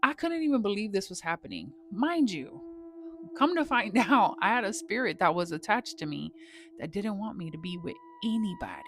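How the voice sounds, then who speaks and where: A woman's voice: medium pitch, very animated, normal speed, fairly bright tone. A woman telling a personal story in a casual, slangy way, swearing freely as she goes.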